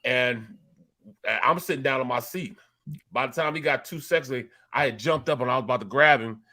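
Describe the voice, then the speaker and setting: A man with a Philadelphia accent tells a story on a sports talk show, voice at an ordinary middle pitch. He gets animated and stumbles over repeated words as he builds up. It is casual, chatty sports talk. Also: fairly quick.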